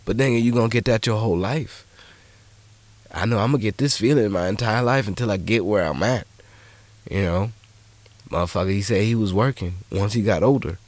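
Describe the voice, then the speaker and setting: A man's voice: lowish voice, a little mellow, no room sound. A man hosting a podcast, telling stories in a rambling, profane, casual monologue full of restarts. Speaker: podcast host. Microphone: podcast microphone.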